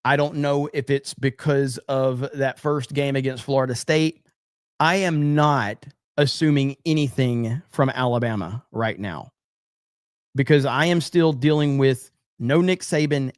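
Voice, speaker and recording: A man's voice: medium pitch, unhurried, dry recording, studio quality. A man hosting a livestream podcast, chatting casually, reading donations and trading blunt, profane, mock-angry banter with his chat.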